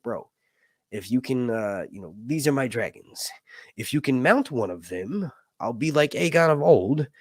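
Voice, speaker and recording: A man's voice: mid-range voice, no room sound, studio quality. A man hosting a casual live stream, rambling and self-deprecating as he thinks aloud. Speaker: channel host.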